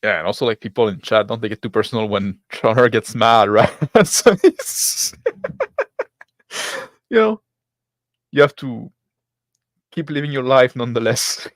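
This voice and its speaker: A man's voice: mid-range voice, unhurried, long pauses, no room sound. A man with a non-native English accent hosting a stream, talking loosely with laughs and swearing. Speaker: stream host. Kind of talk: casual stream chat.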